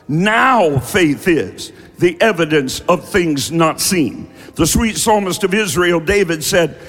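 A man preaching a sermon as pastor, calling on the congregation to shout responses back. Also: on the high side, measured pace, in a large hall.

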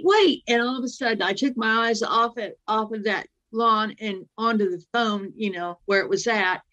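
A woman guest telling a personal story in an earnest, halting way, often restarting and reliving the dialogue. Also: mid-range voice, a bit bright, dull audio. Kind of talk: emotional first-person storytelling.

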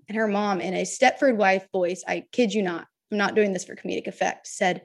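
A young woman co-hosting a podcast, telling lively stories and mimicking people in raised voices. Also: medium pitch, a little fast, gravelly, hardly any pauses. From Southern United States. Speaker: podcast co-host. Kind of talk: casual sports chat.

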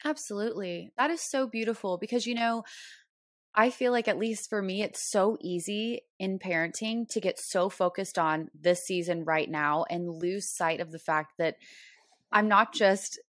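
A woman's voice: medium pitch, normal speed, no echo, studio quality. A woman hosting a parenting podcast, a mother of a toddler, affirming her guest and laughing lightly as she talks. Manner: warm affirmations, laughs lightly between phrases. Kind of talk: conversational interview.

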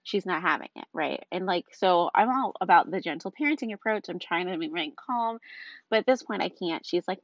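A woman's voice: mid-range voice, moderate pace, no echo. A young mother from the telling a frustrated story about her day, chatty and exasperated, full of "like" and "um". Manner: chatty, exasperated, frequent fillers like "like" and "um". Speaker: mother of two small children. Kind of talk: casual storytelling vlog. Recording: dull, dry lo-fi recording.

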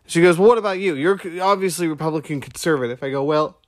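A man's voice: a little high, fast, no room sound, studio quality. Emphatic man preaching on a podcast. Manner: emphatic, preachy, repeats points with rhetorical questions. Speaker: podcast host. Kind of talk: podcast monologue retelling a conversation.

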